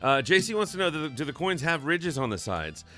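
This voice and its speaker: A man's voice: on the high side, big pitch swings, a little fast, sharp tone, soft background music. A man hosting a live stream in casual chat, upbeat and reading viewer messages aloud.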